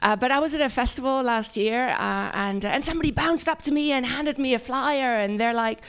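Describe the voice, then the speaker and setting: A woman's voice: a little high, a little fast, clear, resonant tone. A woman in her fifties from the Netherlands with a Dutch accent, performing a dry, self-deprecating stand-up set at a live comedy venue.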